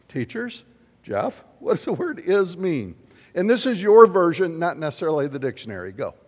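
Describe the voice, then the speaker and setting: A man preaching a sermon in an auditorium, drawing answers from the audience and swinging from loud declarations to hushed questions. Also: a little high, breathy edge, long reverb tail. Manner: animated, questioning the audience, big swings in loudness. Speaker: pastor.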